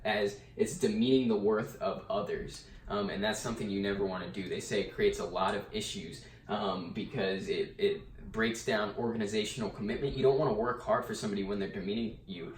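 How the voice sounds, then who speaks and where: A man's voice: on the low side, a little fast, few pauses, slight background noise. A man giving a casual summary lecture of a textbook chapter, with fillers and restarts. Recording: echoey room, mic at a distance.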